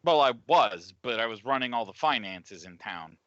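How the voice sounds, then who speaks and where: A man playing a tabletop role-play game, talking in a calm, reassuring way. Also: medium pitch, normal speed, dry recording. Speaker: player. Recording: dull dry mic.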